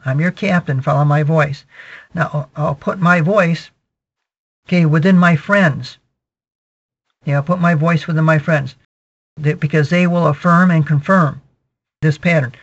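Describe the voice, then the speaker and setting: Higher-pitched male preacher on a dull recording. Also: steady tone. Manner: measured teaching, peppered with "okay" and repetitions. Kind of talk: sermon, verse-by-verse Bible exposition.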